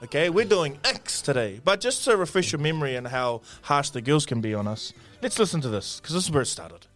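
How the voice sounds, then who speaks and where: A man's voice: on the high side, very animated, fairly quick, a bit bright, faint music behind. A man co-hosting a casual podcast chat, bantering and laughing a lot. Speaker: podcast co-host.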